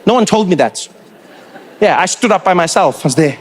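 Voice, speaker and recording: Animated South African male comedian. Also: high-pitched, a little fast. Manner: animated, acts out other people's voices. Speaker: stand-up comedian. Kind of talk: stand-up comedy routine.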